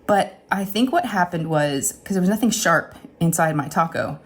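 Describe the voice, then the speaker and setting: A middle-aged woman telling a casual, chatty story straight to her viewers, animated and often acting out what people said. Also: medium pitch. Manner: chatty, animated retelling with acted-out quotes and laughs. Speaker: crafting channel host.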